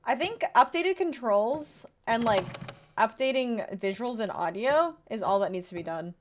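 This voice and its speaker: A young woman streaming a horror game, chatting casually with viewers, greeting them and reading chat, with sudden excited outbursts between quiet mutters. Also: a little high, measured pace, slight background noise.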